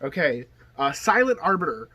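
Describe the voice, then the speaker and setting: Man, slightly high voice, bright tone, rambling casual chat, lots of okay and you know. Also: very animated, normal speed, husky. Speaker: deck tech host. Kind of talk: casual hobby video talk.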